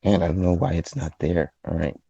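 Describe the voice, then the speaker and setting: A man with a very deep voice thinks aloud at an unhurried pace during a casual tabletop game. His voice is dry and close. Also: steady tone, creaky, mellow, breathy edge, no echo, dull audio. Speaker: player.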